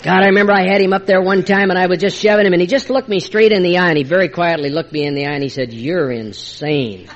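An older man sharing a heartfelt personal testimony at a recovery meeting, moving between hushed and emphatic delivery. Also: high voice, steady tone, racing, hardly any pauses, dull audio. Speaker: speaker sharing his recovery story.

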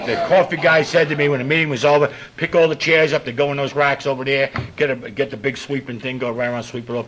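An older man, telling profane stories to a laughing recovery-meeting audience in a gruff voice. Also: background noise. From New York. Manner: gruff and profane, with big swings in pitch and loudness. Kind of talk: storytelling talk to a live audience.

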